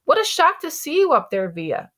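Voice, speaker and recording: A woman's voice: on the high side, sing-song, moderate pace, a bit bright, pitched above the performer's own voice, heavily acted. A woman reading a hearty, proud dad. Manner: hearty, emphatic praise. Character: proud, cheerful father.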